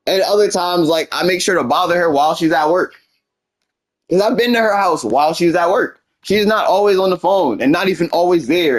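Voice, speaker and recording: A young man rambling through a frustrated personal story and acting out both sides of arguments. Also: high-pitched. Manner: rambling, frustrated storytelling with quoted back-and-forth. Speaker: streamer. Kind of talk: casual venting monologue.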